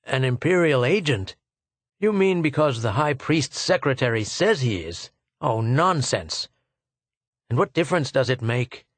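A man's voice: mid-range voice, sing-song, measured pace, dry recording. A man voicing a frail older male scientist who speaks in a feeble, wondering way, recorded dry. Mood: anxious.

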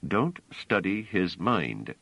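A stubborn man gives grim, curt refusals, as a man reads him. His voice is very low and slow. The audiobook recording is dry. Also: big pitch swings, fairly bright tone, breathy edge, no room sound, exaggerated voice. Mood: defiant.

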